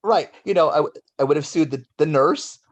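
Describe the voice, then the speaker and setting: Brisk and fairly high-pitched, a forties-aged guest from Los Angeles animatedly shares a story from his youth, doing the voices himself.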